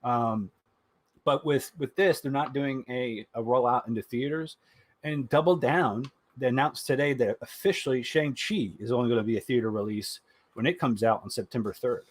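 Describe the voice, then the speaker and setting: A man hosting a casual gaming podcast, who swears freely and jumps into high mocking voices for his jokes. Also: normal speed, no echo. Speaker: podcast host. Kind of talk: casual chat.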